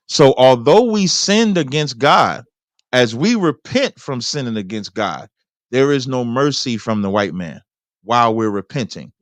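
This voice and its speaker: A man's voice: mid-range voice, big pitch swings, no echo. Man reading scripture in a dry, close sound. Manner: preacherly, slowing for verses. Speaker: host. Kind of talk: debate, reading scripture aloud.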